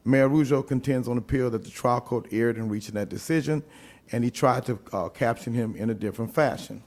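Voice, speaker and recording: A man from Louisiana serving as city attorney, giving a formal legal presentation and reading court opinions aloud in a deliberate way with frequent fillers. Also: mid-range voice, a little mellow. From St. Landry Parish, Louisiana.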